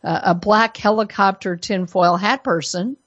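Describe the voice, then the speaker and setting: Slow, sarcastic woman commentator. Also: mid-range voice, fairly bright tone, no echo, muffled recording. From Colorado, USA. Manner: sarcastic, mock-innocent asides. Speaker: political commentator. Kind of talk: opinion monologue.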